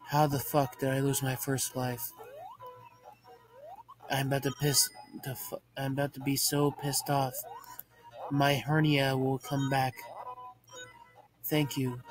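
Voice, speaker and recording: A man giving profane, deadpan muttered commentary while playing a video game, framed as a mock ASMR video. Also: medium pitch, takes it slowly, long pauses, soft background music. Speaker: gaming channel host.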